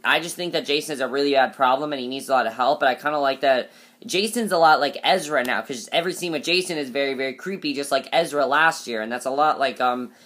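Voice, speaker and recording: A man's voice: fairly high pitch, sharp tone. A man recapping a TV episode in a casual, chatty way, with many fillers and restarts and emphatic opinions. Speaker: TV episode reviewer.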